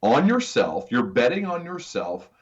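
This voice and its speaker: Through dull lo-fi sound, a man hosts a conversational podcast interview at an unhurried pace. His mid-range voice swings widely in pitch as he talks earnestly, frequently restarting his words.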